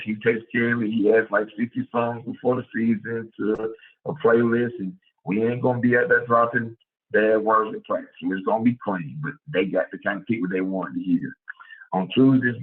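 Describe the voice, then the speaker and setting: A man with a lowish voice gives a coaching clinic talk, lively and conversational, repeating phrases as he builds his points. The sound is thin and tinny, like a phone line. He talks like a football coach addressing other coaches. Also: normal speed. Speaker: high school football coach.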